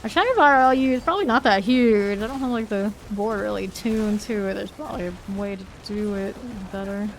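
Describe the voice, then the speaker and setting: A woman's voice: mid-range voice, brisk, few pauses, slight background noise. A woman streaming a game live, thinking aloud and calling out enemies as they appear. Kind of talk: live gameplay commentary.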